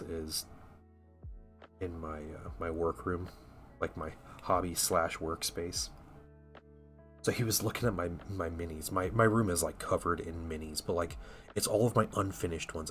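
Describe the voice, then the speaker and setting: A man's voice: low voice, fairly even intonation, moderate pace, fairly bright tone, soft background music. A man live-streaming from his home hobby room, rambling casually to his chat viewers while painting miniatures. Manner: rambling and chatty, full of "like" and restarts.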